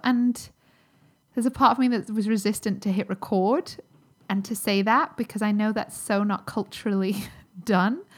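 A woman, hosting a solo podcast as a health coach, talking in a chatty, upbeat way with many fillers. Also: medium pitch. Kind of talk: casual solo podcast talk.

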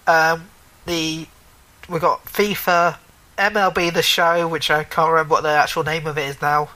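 A man chatting casually about video games on a podcast, his voice bright and forward. He rambles, stumbles over names and keeps correcting himself, with a joking edge to it all. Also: on the high side, level tone, moderate pace, low-quality recording. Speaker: podcast co-host. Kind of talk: casual gaming chat.

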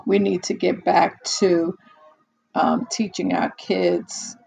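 Older woman, slow-talking, gravelly voice, blunt and exasperated, casual monologue. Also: fairly low pitch, level tone, a little mellow, rough recording. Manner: blunt, exasperated storytelling with many restarts.

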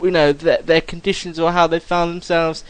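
High-pitched male co-host, eager and rambling, casual talk. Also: level tone, moderate pace, smooth, poor audio. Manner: enthusiastic, rambling with restarts. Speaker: podcast co-host. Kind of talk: casual chat.

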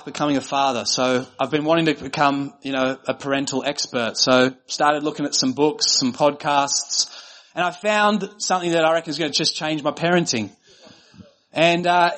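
Earnest pastor, man with a slightly high voice. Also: fairly quick, fairly bright tone. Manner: earnest, conversational preaching with repeated phrases. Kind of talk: sermon.

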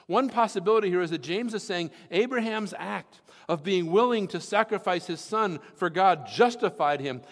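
A man's voice: fairly high pitch, long reverb tail. A man preaching as pastor, reading scripture and explaining it with everyday examples in an earnest teaching tone. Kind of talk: sermon.

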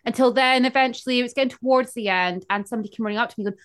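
A woman co-hosting a podcast, telling a story in an animated, casual way and acting out the people she quotes. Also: fairly high pitch, very fast. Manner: animated, acts out quoted characters. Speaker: podcast co-host.

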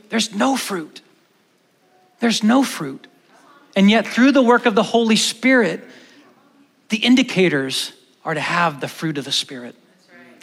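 A man preaching a sermon as pastor, animated, moving between loud stresses and hushed emphatic lines, in a church hall. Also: sits high. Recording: long church-hall reverb.

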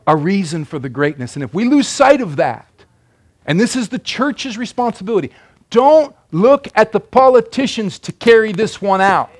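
Brief: male pastor, high voice, emphatic sermon with hushed asides. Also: lively intonation, normal speed. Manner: emphatic preaching, swings between loud declarations and quiet asides.

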